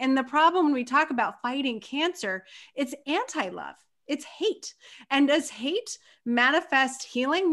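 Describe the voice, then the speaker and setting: A woman hosting an interview, a former nurse who responds in an affirming, enthusiastic way. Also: high voice. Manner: warm-hearted, affirming, enthusiastic. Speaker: podcast host, former nurse. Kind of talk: supportive interview conversation.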